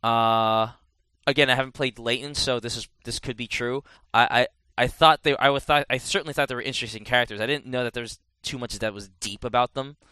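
A man's voice: medium pitch, fairly even intonation, brisk, bright, forceful tone, clear, resonant tone, dry recording. A man in casual podcast chat, rambling and correcting himself as he reviews a game. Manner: rambling, self-correcting, chatty.

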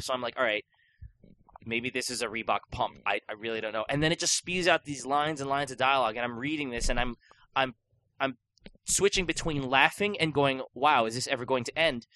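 In a bright, forceful, mid-range voice, a young man co-hosting a podcast rambles through casual chat, full of fillers and restarts.

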